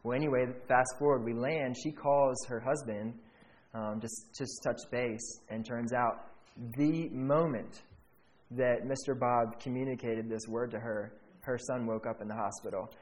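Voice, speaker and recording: Young man, casual testimony storytelling, animated delivery, lots of "like", mid-pitched voice. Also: measured pace, poor audio. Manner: animated, acts out quotes, fillers "like". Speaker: storyteller sharing a faith testimony.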